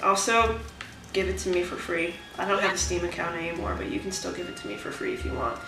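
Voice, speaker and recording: A woman's voice: lowish voice, steady tone, quick pace. A woman giving rambling, chatty gameplay commentary, with wry asides to her viewers. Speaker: let's play commentator. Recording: echoey room, distant mic, music behind.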